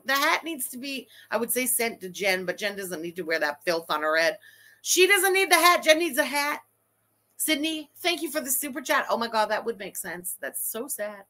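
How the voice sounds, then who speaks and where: A woman's voice: fairly high pitch, bright, forceful tone. A woman streamer giving profane, mocking, sarcastic reaction commentary during a live stream.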